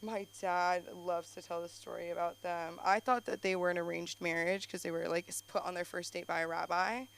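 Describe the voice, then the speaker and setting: A woman comic tells rambling stories at an open mic, breathless and full of "like." Her voice is bright and edged, and she speaks into a handheld stage mic. A faint hum runs underneath. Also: on the low side, flat delivery, brisk, vocal fry, hardly any pauses. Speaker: stand-up comic. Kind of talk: open-mic stand-up comedy. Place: comedy club stage. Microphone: handheld stage microphone.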